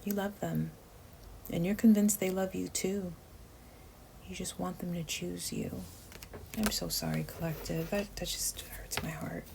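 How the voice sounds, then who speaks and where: A woman's voice: lowish voice, unhurried, vocal fry. A woman giving a casual tarot reading to her viewers, chatty and emotive, often dropping to a near whisper. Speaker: tarot reader. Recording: steady background noise.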